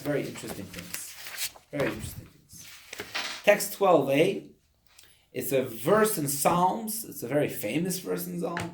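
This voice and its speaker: A rabbi leading a lesson in a room with a lot of echo. His voice is mid-pitched with a gravelly edge. He talks in an animated way and acts out the voices of people in his examples. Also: a little hiss or hum. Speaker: rabbi teaching a class. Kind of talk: lesson to a study group.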